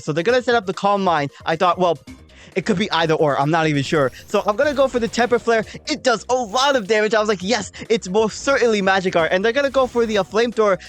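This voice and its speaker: A woman's voice: medium pitch, expressive, fast, faint music behind. Chatty woman narrating her game battle. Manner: chatty, talks through her thinking, frequent "um" and "like". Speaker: gaming channel host. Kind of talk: casual game battle commentary.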